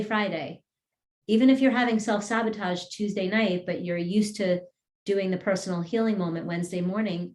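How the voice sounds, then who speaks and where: A woman teaching an energy healing class over a video call, earnestly talking through self-sabotage and slowly leading affirmations for listeners to repeat. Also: medium pitch, a little mellow, echoey room.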